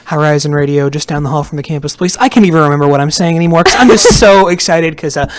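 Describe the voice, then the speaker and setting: A man hosting a casual college radio show, talking in an excitable, jokey way and often cutting himself off. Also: on the high side, quick pace, no room sound. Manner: excitable, jokey, self-interrupting. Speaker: host. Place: campus radio studio.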